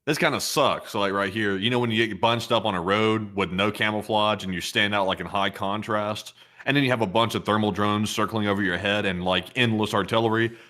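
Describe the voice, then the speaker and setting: A man's voice: on the low side, steady tone, a little fast, few pauses, sharp tone. A man co-hosting a casual commentary stream, making wry, laid-back remarks over video clips. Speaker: co-host.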